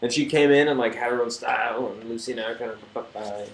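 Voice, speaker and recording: A young man chatting casually on a livestream, answering fan questions in a halting, joking way. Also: mid-range voice, fairly even intonation, roomy sound, a little hiss or hum, rough recording.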